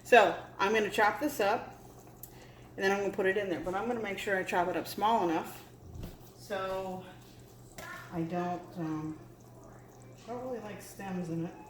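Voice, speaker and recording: A home cook vlogger chats casually while cooking in her kitchen, her talk full of ums and little asides. Her voice sits at a medium pitch and moves at a normal speed with long pauses. The roomy kitchen carries loud background noise.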